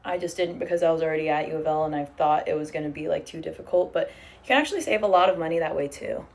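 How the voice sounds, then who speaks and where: A woman's voice: low-pitched, quick pace, darkish tone. A young woman in casual livestream chat at home, swearing freely and reading out viewer comments while braiding her hair. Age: young adult. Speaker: streamer. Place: living room at home.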